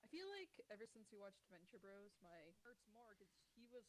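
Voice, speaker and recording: Woman, casual chat, rambling, halting, middle pitch. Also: very animated, a little hiss or hum, low-quality recording.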